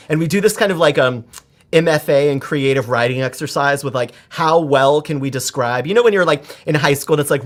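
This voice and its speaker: A man in his forties tells stories as a podcast guest, animated and expressive. His voice sits a little high for a man, and he often restarts his sentences as he talks. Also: fast. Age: 40s. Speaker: guest, performance coach. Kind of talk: conversational podcast interview.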